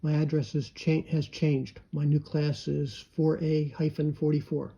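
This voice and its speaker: A man reads letters aloud in a raised, gravelly, husky voice that stays flat and even. The recording sounds dull and lo-fi. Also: on the high side, measured pace.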